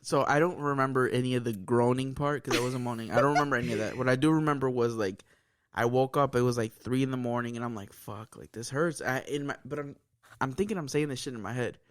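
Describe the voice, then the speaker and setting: A man co-hosting a podcast, telling a story in casual chat, animated and swearing often, with a laugh never far away. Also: mid-range voice, quick pace. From United States. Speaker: podcast co-host.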